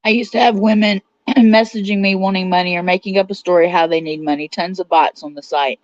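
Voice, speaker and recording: A woman with a lowish voice and a steady tone talks fairly quickly while hosting a casual livestream, reading out viewer comments and answering them. The recording sounds dull and slightly lo-fi.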